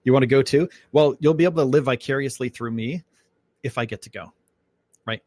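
A man's voice: medium pitch, fairly quick, darkish tone, dry recording. A man hosting a casual live podcast, talking in a loose, rambling, chatty way full of fillers, from home. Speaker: podcast host.

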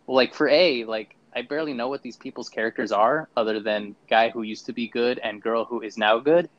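A man chats through a movie review on a podcast, sarcastic and quick to act out mocking lines. His voice sounds dry and close, with a slightly dull, muffled recording. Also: mid-range voice, steady tone, no room sound. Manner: sarcastic, acts out mocking quotes. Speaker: podcast co-host. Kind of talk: casual movie review chat.

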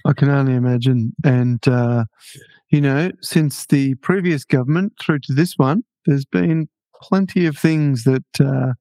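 A man hosting a podcast, eager and friendly with quick laughs. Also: mid-range voice, warm tone, no room sound. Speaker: podcast host. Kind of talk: casual podcast chat.

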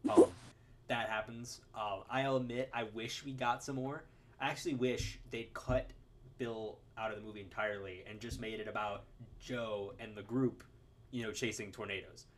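A man's voice: lowish voice, steady tone, moderate pace. A man co-hosting a podcast, chatting casually about a film in an opinionated, rambling way, with many restarts and laughs at his own jokes. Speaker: podcast co-host.

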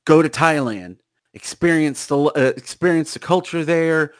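A man's voice: on the high side, moderate pace, dry recording. Young dude telling a funny story, acts out his buddies, super dry mic. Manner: animated storytelling, acts out friends' lines. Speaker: storyteller in group chat. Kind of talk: casual chat.

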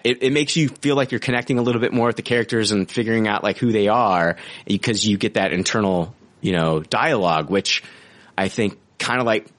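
A man's voice: fairly low pitch, fairly bright tone. Rambling, enthusiastic male podcast host. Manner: enthusiastic, rambling with many restarts. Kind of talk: casual review chat.

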